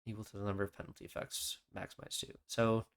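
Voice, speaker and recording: Low-voiced laid-back male host. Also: flat delivery, fast, clean tone. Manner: reads out game stats and skill text in a laid-back way. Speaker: channel host. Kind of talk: casual game reaction chat.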